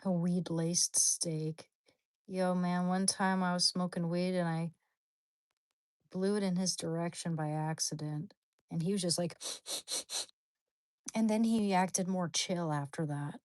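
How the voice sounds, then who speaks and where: A woman hosting a livestream, chatting casually with viewers in a rambling, animated, slangy way, with sudden high squeals. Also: a little slow, no echo. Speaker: livestream host.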